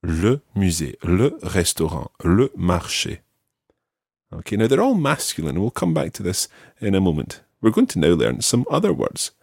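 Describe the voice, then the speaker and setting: A man hosting a podcast language lesson, patiently repeating words slowly for practice. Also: deep voice, sing-song, gravelly, a little mellow, husky, no echo, studio quality. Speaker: language teacher and podcast host.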